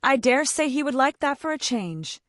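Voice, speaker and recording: A woman voicing a defiant, sharp-tongued young woman. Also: on the high side, big pitch swings, moderate pace, no echo, studio quality, pitched above the performer's own voice. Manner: tart, brazen retorts.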